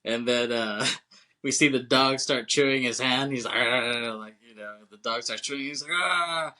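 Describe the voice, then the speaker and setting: A man's voice: mid-range voice, steady tone, moderate pace, sharp tone. A man co-hosting a casual movie podcast, laughing often, swearing and acting out scenes as he recaps. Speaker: podcast co-host.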